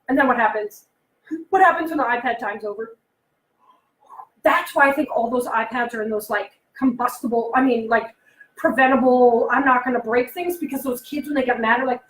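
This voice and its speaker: Woman, very high voice, animated advice talk, echoey room. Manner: animated, acts out kids' voices, asks the listener questions. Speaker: behavioral consultant and life coach.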